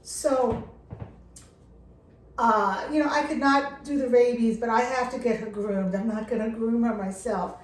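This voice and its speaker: A woman's voice: a little high, fairly even intonation, measured pace, roomy sound. Earnest, impassioned middle-aged woman. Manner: earnest and impassioned, stressing words. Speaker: dog care vlogger. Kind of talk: casual talk to camera. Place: lake house, indoors.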